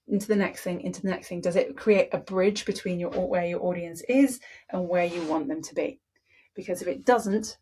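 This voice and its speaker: A middle-aged woman, teaching public speaking in an energetic, emphatic way and changing her pace on purpose. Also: lowish voice, slightly rough.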